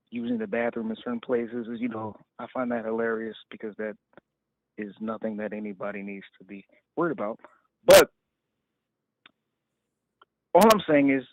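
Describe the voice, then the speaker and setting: A male caller from Arizona, a military veteran, talking hesitantly with stammers and nervous laughs. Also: medium pitch. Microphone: phone call. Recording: tinny dry phone line.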